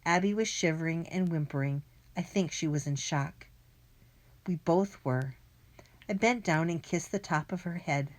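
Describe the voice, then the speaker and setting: Narrator: woman, lowish voice, brisk first-person children's story reading. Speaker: audiobook narrator.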